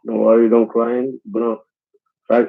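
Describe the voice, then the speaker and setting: A man's voice: medium pitch, little pitch movement, moderate pace, vocal fry. A man on a phone call, repeating reassurances in broken English and pleading over and over. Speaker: phone scammer. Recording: tinny phone line.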